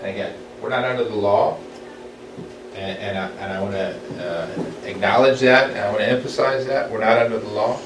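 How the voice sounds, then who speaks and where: A mid-pitched man leads a small group Bible study, reading scripture aloud in a halting way, often restarting and slowing down when he reads. He's picked up by a distant mic in an echoey room with background noise.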